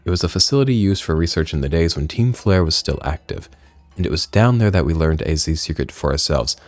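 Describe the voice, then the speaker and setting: A man reading out a video game's dialogue in a put-on deep voice, playing a solemn former member of a villain group. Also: lively intonation, brisk, dry recording. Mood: ominous. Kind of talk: reading game dialogue aloud.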